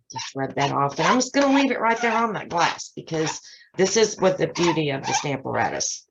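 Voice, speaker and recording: A woman hosts a craft channel, giving a casual card-making tutorial at her craft desk and chatting through each step with self-deprecating asides. Her voice is low and creaky. The lo-fi recording sounds slightly dull, with a noisy background.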